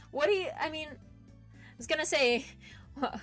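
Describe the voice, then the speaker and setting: A woman's voice: high-pitched, a little slow, fairly bright tone, faint music behind. A young woman streaming a game, chatting casually with laughing asides and the odd swear. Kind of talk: casual gaming commentary.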